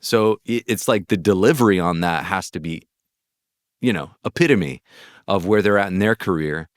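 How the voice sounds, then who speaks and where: A man from North Carolina, a voice actor, telling animated, rambling anecdotes in an interview, with a gritty chest voice. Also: low voice, moderate pace, no room sound, studio quality. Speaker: guest voice actor. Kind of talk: casual interview storytelling.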